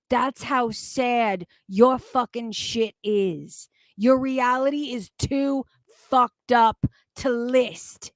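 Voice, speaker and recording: A woman reacting to online clips, indignant and swearing heavily, breaking into shouts and laughter. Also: fairly high pitch, no room sound, clean studio sound. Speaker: commentary YouTuber reacting to clips. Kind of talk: profane reaction commentary.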